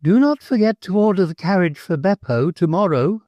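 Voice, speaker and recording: A man's voice: mid-range voice, big pitch swings, measured pace, no echo, dull audio, voice pushed up. A man voicing a bossy, talkative middle-aged countess who gives fussy commands.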